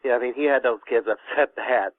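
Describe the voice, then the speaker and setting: A man's voice: mid-range voice, a little fast, no echo. A man with a Kentucky Southern accent calling in to a talk show and telling a rambling, folksy story. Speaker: caller. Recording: dry, tinny phone line.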